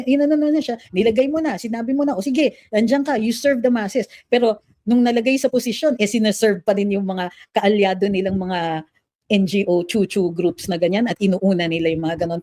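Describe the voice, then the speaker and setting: Filipino woman, mellow dry voice. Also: a little high, no room sound. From Philippines. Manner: mixes Filipino and English, animated and opinionated. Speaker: lawyer commentator. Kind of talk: casual political commentary.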